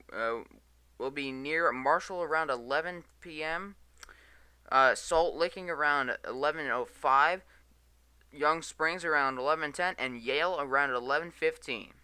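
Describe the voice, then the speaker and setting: Tired man with a very bright voice. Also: a little high, clear, resonant tone, no room sound. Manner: reads warnings aloud, stumbles over place names. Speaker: storm chaser livestreamer. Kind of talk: live weather radar commentary.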